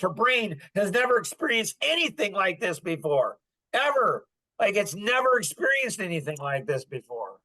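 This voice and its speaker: Older guy hosting, bright voice, acts out quotes, gets loud all of a sudden. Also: high voice, low-quality recording. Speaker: podcast host. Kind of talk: storytelling to a live group.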